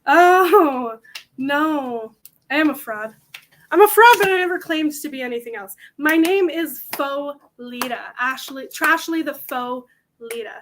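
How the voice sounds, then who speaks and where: A woman's voice: high voice, unhurried, a bit bright, slight background noise. A young woman hosting a convention panel, chatting casually to the audience in a rambling, self-mocking way.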